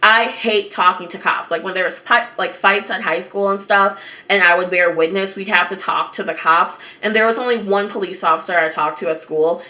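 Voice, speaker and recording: Bright-voiced young woman telling a story. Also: fairly low pitch, moderate pace, slight background noise. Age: young adult. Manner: over-dramatic, animated, swearing. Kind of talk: dramatic storytime monologue.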